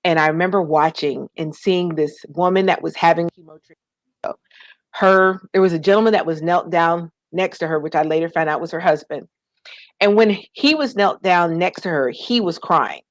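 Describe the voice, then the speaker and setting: A woman from the United States telling her story in an interview, animated, acting out quoted voices and fighting back tears. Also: on the low side, normal speed, no echo. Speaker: guest, nonprofit founder.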